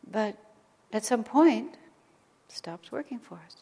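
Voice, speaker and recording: A woman giving an informal spiritual talk to a small group, gentle and conversational, sometimes dropping almost to a whisper. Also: on the high side, expressive, unhurried, creaky, long pauses, husky. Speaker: spiritual teacher. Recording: long reverb of a hall.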